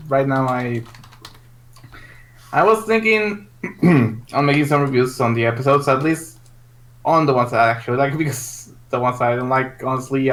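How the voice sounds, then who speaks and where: A co-host in a casual podcast chat who talks hesitantly and laughs often. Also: mid-range voice.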